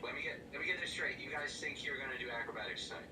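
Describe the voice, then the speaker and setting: A man playing a brash male circus acrobat who talks gruff trash and makes threats. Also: mid-range voice, expressive, very fast, natural voice. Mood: scornful. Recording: roomy distant mic with background noise.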